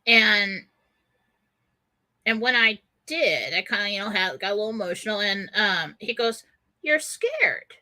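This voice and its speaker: Lively bright-voiced woman telling a story. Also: medium pitch, a little slow. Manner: animated, laughing often, many fillers. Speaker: radio show host. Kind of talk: casual storytelling.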